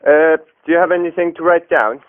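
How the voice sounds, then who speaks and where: A man's voice: on the high side, brisk. A man telling a rambling comic story on a prank phone call, hesitant and full of fillers and restarts. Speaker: prank caller. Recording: tinny phone line.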